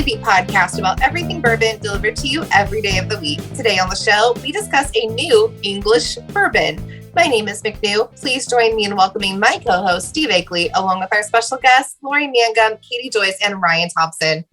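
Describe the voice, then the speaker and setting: A woman's voice: medium pitch, expressive, brisk, music in the background. A woman hosting a podcast, welcoming guests and joining light, self-deprecating banter. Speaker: podcast host. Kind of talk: podcast hosting and casual chat.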